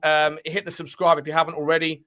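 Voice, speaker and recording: A high-pitched man chatting on a casual football livestream. He talks in a loose, bantering way, full of shout-outs to the viewers. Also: completely flat delivery, fast talker. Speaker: co-host.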